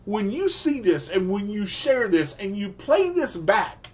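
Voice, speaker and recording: Man, radio host, motivational talk, preacher-like, repeats himself, high voice, muffled lo-fi sound. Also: big pitch swings, a little slow.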